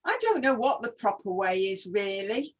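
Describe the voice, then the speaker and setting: A woman's voice: medium pitch, very animated, moderate pace, husky, poor audio. A woman hosting a casual online chat, who talks readily and keeps asking her guest questions. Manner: chatty, asks many questions. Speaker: host.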